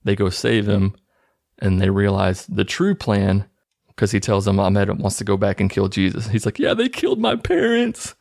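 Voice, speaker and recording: A man's voice: on the low side, little pitch movement, normal speed, darkish tone. A man casually recapping a movie plot in a mocking, incredulous tone.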